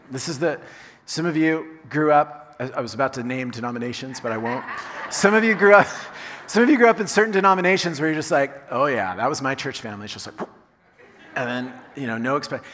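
Guy pastor giving a sermon, kinda high voice, big echoey church hall, super casual and chatty. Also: a bit bright. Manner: conversational, chatty with laughing asides. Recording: long reverb of a large hall.

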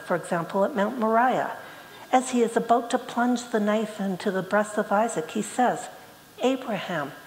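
Woman preaching slow and earnest, kinda high voice, big echoey hall, faint room noise behind. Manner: slow, earnest, quotes scripture with rising emphasis. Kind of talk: sermon.

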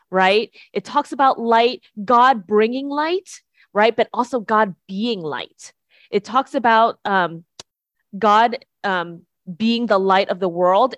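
A woman's voice: medium pitch, no echo. A woman preacher giving a conversational sermon to a congregation, often checking in with "right?". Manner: chatty, tags points with "right?".

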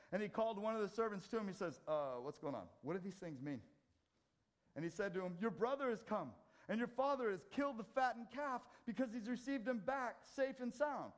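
A middle-aged man preaching a sermon in a church, swinging from loud scripture readings to quiet asides. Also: high-pitched. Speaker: pastor. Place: church sanctuary.

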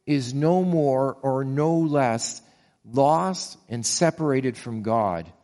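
A man delivers a sermon in an earnest, steady voice. He asks the listeners pointed rhetorical questions and often restarts his words mid-phrase. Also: medium pitch, long reverb tail. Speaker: pastor.

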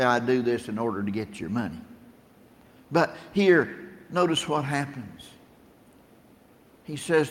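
A middle-aged man preaching a sermon in a plain-spoken, storytelling way, lifting his voice when he quotes scripture. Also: fairly high pitch. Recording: long reverb of a large room.

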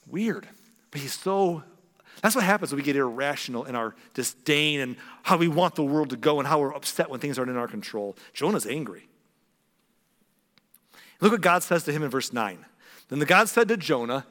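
Midwest guy preaching, kinda high voice, jumps way up when he acts stuff out, long echo. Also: expressive, moderate pace, pauses often, a bit bright. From American Midwest. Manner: conversational, acts out quotes with big pitch jumps. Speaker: pastor. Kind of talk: sermon.

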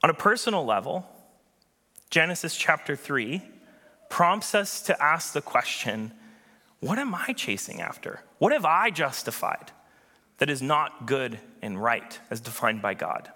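A man preaching a sermon as pastor, earnest and emphatic, with dramatic pauses. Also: fairly high pitch, sing-song, pushed and bright, in a large hall.

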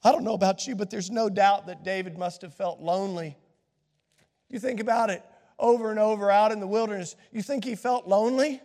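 A man's voice: high voice, fairly quick. Man, pastor, sermon, scratchy throat, impassioned, long church reverb. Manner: impassioned preaching, swings from hushed to shouting. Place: church sanctuary. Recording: long reverb of a large hall.

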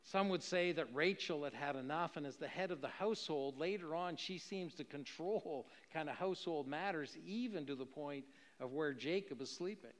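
A man's voice: on the high side, moderate pace, few pauses, long reverb tail. A man preaching a sermon in a conversational way, with rhetorical questions and occasional chuckles. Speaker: pastor.

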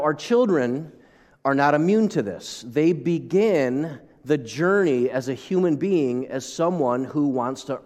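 A man's voice: medium pitch, a little mellow. A man preaching a sermon as pastor, talking in a conversational way with asides to the congregation. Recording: long reverb of a large hall.

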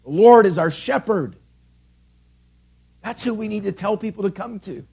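A man's voice: high voice, animated, moderate pace, vocal fry, a little mellow, slightly rough. A man preaching a sermon from a church pulpit, emphatic, with repeated calls and rhetorical questions. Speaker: pastor.

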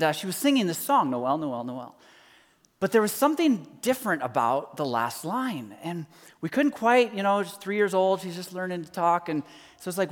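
A man in his thirties preaching a sermon as lead pastor, conversational and joking, with repeated rhetorical questions. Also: high voice. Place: church hall. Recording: church hall with long reverb.

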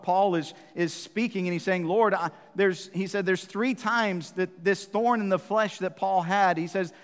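A man preaching a sermon as pastor, calling listeners "friend" and repeating phrases for emphasis. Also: high-pitched. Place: church sanctuary. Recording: long reverb of a church hall.

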